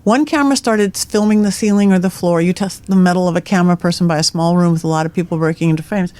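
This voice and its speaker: Speaking fast in a fairly low, steady voice with a slightly mellow quality, this middle-aged woman tells ghost stories as a podcast's psychic medium guest. She's energetic and laughs at her own lines.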